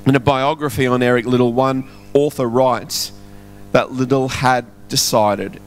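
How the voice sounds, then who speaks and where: Chatty pastor preaching. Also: male voice, medium pitch, a little hiss or hum. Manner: chatty, quizzes the audience. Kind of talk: sermon. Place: church hall. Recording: soft music behind.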